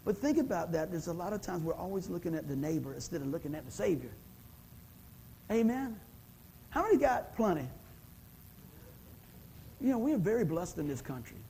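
High-voiced folksy pastor preaching. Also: male voice, very animated, a little fast, long pauses, mellow, slight background noise, rough recording. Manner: folksy, conversational, calls out to the congregation. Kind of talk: sermon.

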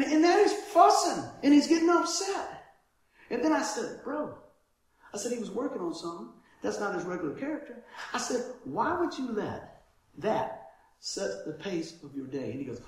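A man preaching a conversational sermon, acting out dialogue from his stories and laughing often. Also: high-pitched. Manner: animated storytelling, acts out dialogue, laughs often. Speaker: pastor. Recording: very echoey room.

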